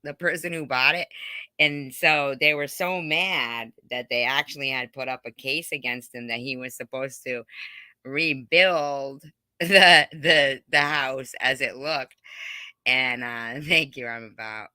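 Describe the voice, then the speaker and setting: A woman's voice: extremely low pitch, steady tone, measured pace, pushed and bright, no room sound, clean studio sound. A middle-aged woman hosting a casual live stream, chatting with viewers in a rambling, giggly way full of fillers.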